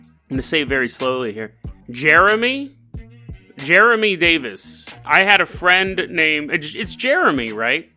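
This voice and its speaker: Bright-voiced joking male podcast host. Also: a little high. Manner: joking, chatty, often laughing. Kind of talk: casual storytelling podcast.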